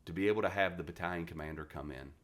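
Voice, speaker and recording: Talking rapid-fire in a low voice, a West Virginia man in his forties shares stories on a podcast. A retired Marine, he tells them bluntly, with lots of swearing and animated energy, in a casual interview setting.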